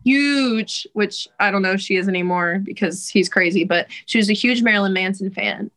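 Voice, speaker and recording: Bright-voiced young woman, chatty guest. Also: medium pitch, normal speed, poor audio. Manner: chatty, laughs often, casual slang and swearing. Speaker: singer, podcast guest. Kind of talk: casual interview chat.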